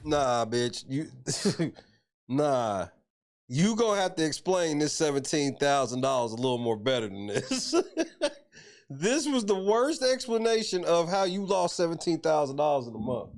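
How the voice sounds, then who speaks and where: A host giving comedic commentary on a clip, incredulous, loud and profane, laughing often. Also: medium pitch, sing-song, a little slow.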